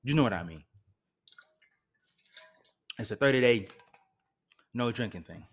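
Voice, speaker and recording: On his solo podcast, this male host rants theatrically and throws in sarcastic asides. His mid-range voice is expressive and slightly rough, and he talks a little slowly.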